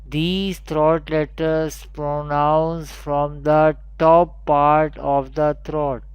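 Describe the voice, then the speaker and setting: A man, teaching an online Quran pronunciation lesson and drilling each letter with slow repetition. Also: a little high, clear, resonant tone, dry recording, dull audio.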